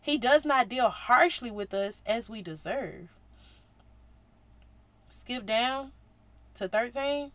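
A woman hosting a casual faith podcast, talking in slang and acting out Bible scenes with big jumps in loudness. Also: fairly high pitch, slow pace, long pauses, dry recording. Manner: animated, slangy, acts out quotes with big swings in loudness. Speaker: podcast host.

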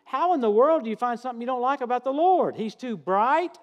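A man delivers a sermon to a church congregation. His voice sits high for a man, and he tells stories with folksy humor and lively, animated energy. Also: quick pace, dull audio. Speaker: preacher. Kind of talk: sermon with storytelling.

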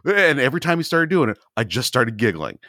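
A man in casual podcast chat, telling stories with animated asides and quoted reactions. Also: a little fast, no room sound, studio quality. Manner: animated storyteller, jumps high when quoting himself. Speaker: podcast co-host.

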